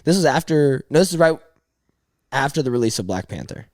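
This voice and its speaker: A man's voice: mid-range voice, brisk, no echo, clean studio sound. A man talking as a podcast guest in casual chat, rambling through stories and saying dude and bro a lot. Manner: rambling, animated storyteller, says dude and bro.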